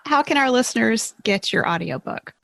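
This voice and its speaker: A woman's voice: on the high side, expressive, normal speed, vocal fry, fairly bright tone, no room sound. A woman hosting a business podcast, interviewing a guest and reading a scripted closing call to action. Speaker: podcast host. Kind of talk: interview and show outro.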